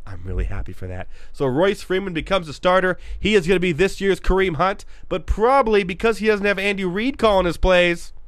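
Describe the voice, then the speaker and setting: A man hosting a fantasy football podcast, ranting in an excitable, hyped way and now and then breaking into shouts. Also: sits high, a little fast, few pauses, dry recording. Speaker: podcast host.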